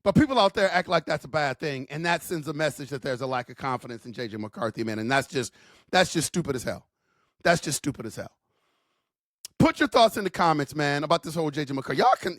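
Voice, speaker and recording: Fired-up high-voiced man ranting. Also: a bit bright, dry recording, studio quality. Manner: fired-up, emphatic, repeats points; casual slangy talk, calls listeners man. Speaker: sports channel host. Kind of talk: opinionated football commentary vlog.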